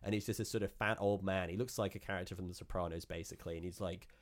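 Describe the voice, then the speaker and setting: Deep-voiced man chatting in rambling bursts. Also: very fast. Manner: rambling, full of fillers, animated. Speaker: podcast co-host. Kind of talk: casual chat.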